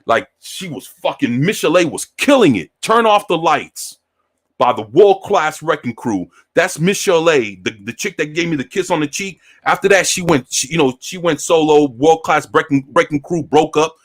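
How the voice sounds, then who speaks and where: A man in his forties telling rambling stories in a relaxed, profane way, often ending sentences with "man". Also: on the high side, normal speed. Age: 40s. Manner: rambling, profane, laid-back, peppered with "man". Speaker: show host. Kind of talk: casual storytelling.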